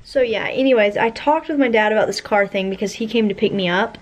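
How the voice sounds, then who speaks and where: A woman's voice: medium pitch, fast, slight background noise. A young woman vlogging casually, rambling with many fillers and restarts, while she has the hiccups. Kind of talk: casual vlog chat.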